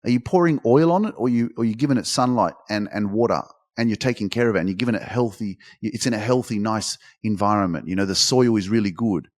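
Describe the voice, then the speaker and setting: A man giving a motivational talk, swearing freely and climbing in pitch when he gets emphatic. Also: fast talker, hardly any pauses, darkish tone. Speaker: motivational speaker. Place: Dubai.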